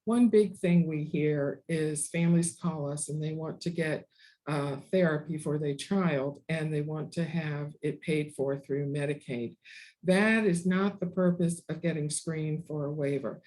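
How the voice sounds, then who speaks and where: A presenter giving an informational webinar, explaining program rules in a measured way, partly read and partly ad-libbed. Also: mid-range voice, a little mellow, poor audio. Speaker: disability advocacy presenter.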